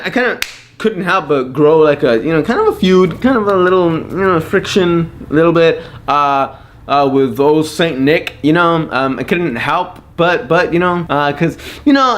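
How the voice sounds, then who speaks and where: Exasperated young man ranting comically. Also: medium pitch. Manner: exasperated, repetitive, mock-indignant. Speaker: vlogger. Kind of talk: comedic storytelling rant.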